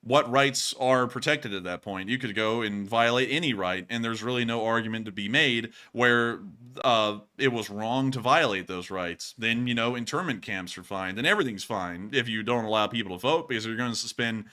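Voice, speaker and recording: An American man hosting a war news show, giving casual commentary and thinking out loud with frequent restarts. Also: mid-range voice, normal speed.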